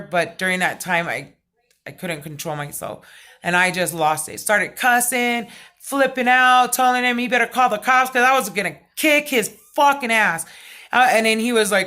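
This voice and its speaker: A middle-aged woman vlogging, telling a personal story in a loud, excitable way, full of fillers. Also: fairly high pitch. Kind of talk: casual storytelling vlog.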